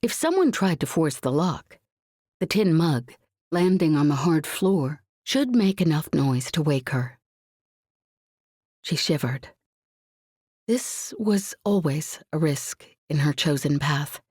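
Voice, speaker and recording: A woman narrating a suspenseful science fiction audiobook in a measured, tense reading. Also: low-pitched, sing-song, a little mellow, husky, no echo, clean studio sound.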